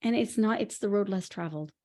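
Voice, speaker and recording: A woman co-hosting a podcast in casual conversation, telling lively stories and laughing often. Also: medium pitch, fast talker. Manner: animated, laughing storyteller. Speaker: podcast co-host.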